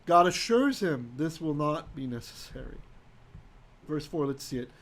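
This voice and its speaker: A man teaching a live-streamed Hebrew Bible lesson in a conversational way, often asking "right?" and reading Hebrew verses slowly aloud. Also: a little high, big pitch swings.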